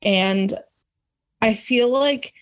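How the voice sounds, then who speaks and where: A woman's voice: a little high, drawn-out words. A woman co-hosting a casual book discussion, thinking aloud with many fillers and restarts. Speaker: podcast co-host.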